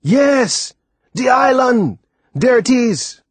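A man voicing an old sailor, gruff but protective, with loud, drawn-out dialect speech. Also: mid-range voice, steady tone, dry recording, natural voice. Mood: excited.

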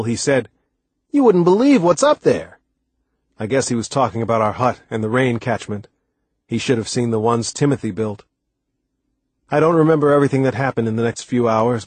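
A man reading an audiobook aloud in a steady, measured way. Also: medium pitch, no room sound. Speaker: audiobook narrator. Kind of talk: scripted narration.

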